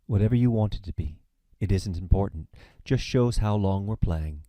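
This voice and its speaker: An actor reading a smooth, menacing devil in a screenplay reading, polite and measured. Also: male voice, sits low, warm tone, no echo, lightly acted. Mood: cool. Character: smooth menacing male devil, courteous and cold. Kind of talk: table read of a screenplay.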